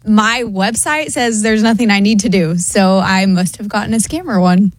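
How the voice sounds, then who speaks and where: A woman in casual chat, earnestly and quickly recounting something that happened to her. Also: mid-range voice, no room sound.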